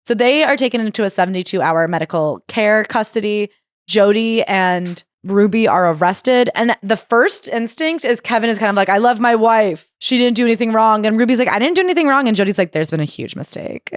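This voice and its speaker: Woman podcast co-host, quick chatty talk, dry room. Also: medium pitch, no room sound. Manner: chatty, acts out quotes with swearing. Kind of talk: casual chat recapping a memoir.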